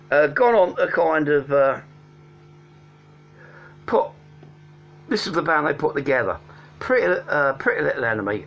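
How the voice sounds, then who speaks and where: A man's voice: mid-range voice, gravelly, a bit bright. A man casually reviewing albums at home, rambling with many ums and restarts but enthusiastic. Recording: dull lo-fi sound with faint hum.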